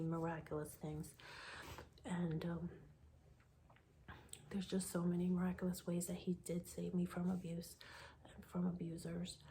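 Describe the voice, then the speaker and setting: A woman around forty telling a personal faith testimony in a soft, often half-whispered voice, halting with many fillers. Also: on the low side, slight background noise. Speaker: vlogger sharing a faith testimony.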